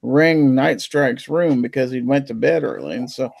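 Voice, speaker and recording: A man's voice: medium pitch, normal speed, gravelly, a little mellow. A man in a casual group chat, telling an anecdote in a matter-of-fact way.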